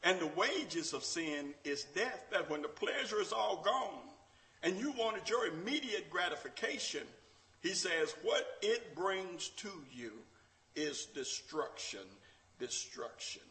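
Animated preacher with a drawl. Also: male voice, unhurried, rough recording. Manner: dramatic, acts out quotes, rises to shouts and drops low. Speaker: Bible class preacher. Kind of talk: sermon.

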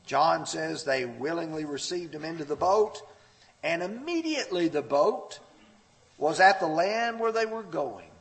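A man preaching a sermon, telling a story expressively and leaping up in pitch when he quotes scripture. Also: animated, measured pace. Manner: storytelling with a personal anecdote. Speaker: pastor.

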